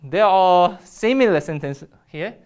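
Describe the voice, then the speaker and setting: A woman's voice: on the low side, expressive, unhurried, a little mellow, smooth. A woman with a Korean accent teaching a Korean grammar lesson in English, explaining step by step with frequent ums and restarts.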